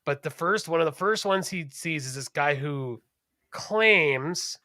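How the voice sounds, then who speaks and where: A man co-hosting a podcast in casual chat, rambling, animated and profane. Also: on the high side, a little slow, dry recording, clean studio sound. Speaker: podcast co-host.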